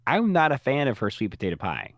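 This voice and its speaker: A man co-hosting a podcast, chatting casually with expressive, sassy asides. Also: medium pitch, quick pace, no room sound. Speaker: podcast co-host. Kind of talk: casual chat.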